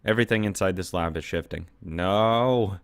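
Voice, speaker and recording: Low, dry-voiced man narrating a visual novel aloud; plain reading with sudden cursing asides. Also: moderate pace, clean tone, no room sound. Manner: reads narration plainly, breaks off to swear and react. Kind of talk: reading game text aloud with reactions.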